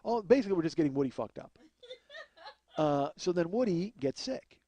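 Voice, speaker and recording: A man's voice: high voice, wildly swooping pitch, normal speed, mellow, muffled recording. A man telling a rambling, profane comic story as a podcast host, often laughing at his own tale. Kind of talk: comedic storytelling.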